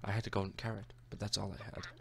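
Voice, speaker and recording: Gravelly young man playing a game. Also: lowish voice, flat delivery, fast talker, background noise. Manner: chatty, jokey, talks to game characters. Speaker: gaming YouTuber. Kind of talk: let's-play commentary.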